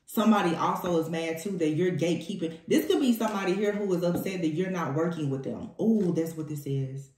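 A woman's voice: lowish voice, brisk, hardly any pauses, a little mellow, a little hiss or hum. Give me an emphatic woman reading tarot, repeating her points, recorded in an echoey room. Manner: emphatic, repeats key phrases. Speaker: tarot reader.

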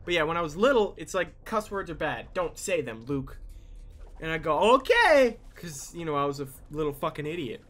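A young man playing a video game and commenting casually, swearing often and yelling at the game. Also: a little high, fairly quick, faint music behind. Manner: animated, swears a lot, yells at the game. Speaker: gaming YouTuber. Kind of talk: casual let's-play commentary.

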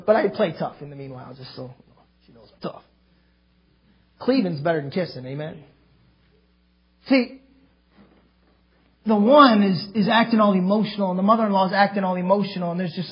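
A male pastor preaching a sermon emphatically, with sudden loud outbursts. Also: high-pitched, expressive, normal speed, long pauses, husky, lo-fi sound. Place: church.

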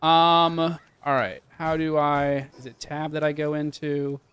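A man's voice: fairly high pitch, little pitch movement, unhurried, a bit bright, clear, resonant tone, dry recording. A young man chatting casually and swearing while he streams a game and talks to his chat. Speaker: livestreamer. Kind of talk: casual live game commentary.

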